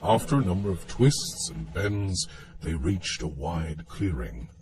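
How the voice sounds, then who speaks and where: Brief: male storybook narrator, very deep, unhurried, animated pitch, soft music underneath. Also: a little hiss or hum. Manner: measured, expressive storytelling. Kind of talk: storybook reading.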